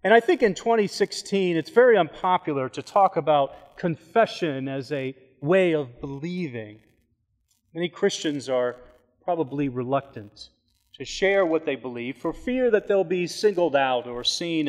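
Male pastor, slightly higher voice, relaxed storytelling sermon with joking asides, long church reverb. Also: a little slow. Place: church sanctuary.

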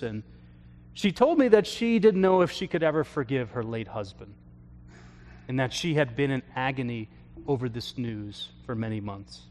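A man, a pastor, telling a story from his counseling work in an earnest sermon, often trailing off softly at the ends of phrases. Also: medium pitch. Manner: slow, earnest storytelling with soft trailing endings. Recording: long hall reverb.

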